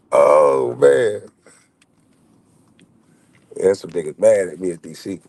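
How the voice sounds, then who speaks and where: A man's voice: low voice, wildly swooping pitch, very slow, vocal fry, darkish tone. A man, hosting a casual livestream and bantering loosely with chat, swearing and laughing. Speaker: livestream host.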